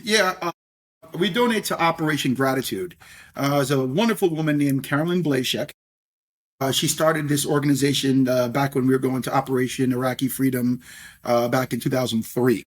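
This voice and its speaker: A man's voice: medium pitch, brisk. A middle-aged man from New York, a scotch brand owner, talking in a podcast interview with lots of fillers and restarts. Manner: animated, many fillers and restarts.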